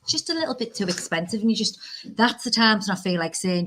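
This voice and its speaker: A woman with a British accent, an insurance broker, chatting casually in a frank, animated way, her voice jumping up when she stresses a point. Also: mid-range voice, fast talker. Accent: British English. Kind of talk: casual podcast chat.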